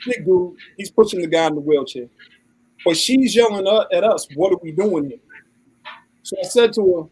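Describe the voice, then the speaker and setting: Brief: high-voiced husky man, animated storyteller on a casual talk show. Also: moderate pace, low-quality recording. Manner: animated, acts out quoted voices. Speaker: podcast co-host.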